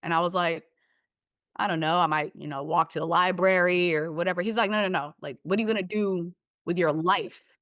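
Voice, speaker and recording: A woman's voice: lowish voice, brisk, no room sound, studio quality. Candid young woman telling her story. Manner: animated, candid, swears freely. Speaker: podcast guest. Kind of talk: casual storytelling.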